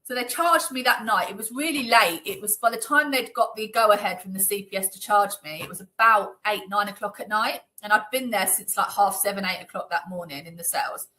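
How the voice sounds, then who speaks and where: A woman's voice: mid-range voice, brisk, hardly any pauses, pushed and bright, poor audio. A woman being interviewed, talking in a chatty, indignant way with lots of fillers. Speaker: interview guest. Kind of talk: conversational interview. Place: Northamptonshire.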